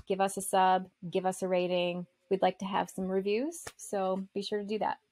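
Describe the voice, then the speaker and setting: A woman's voice: mid-range voice, level tone, normal speed, a little mellow. A woman co-hosting a podcast, upbeat and casual as she reels off plugs and thanks. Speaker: podcast co-host. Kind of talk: casual chat.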